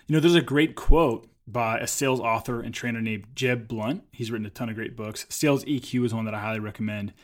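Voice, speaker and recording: A man co-hosting a casual conversation, telling stories and giving advice in an animated way. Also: medium pitch, fairly quick, few pauses. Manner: storytelling, animated when acting out quotes. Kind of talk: casual chat.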